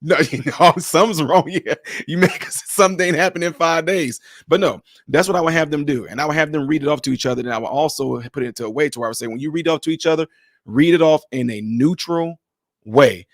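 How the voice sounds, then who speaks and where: A man's voice: on the high side, quick pace, no echo, clean studio sound. A man, casually giving relationship advice on a podcast panel and acting out bits of dialogue as he tells stories. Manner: animated storyteller, acts out dialogue in other voices.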